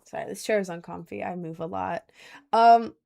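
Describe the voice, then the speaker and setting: A woman's voice: medium pitch, moderate pace, gravelly, mellow. A young woman casually chatting on a livestream at home, answering chat in slangy, rambling talk. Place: indoors at home, seated in a chair.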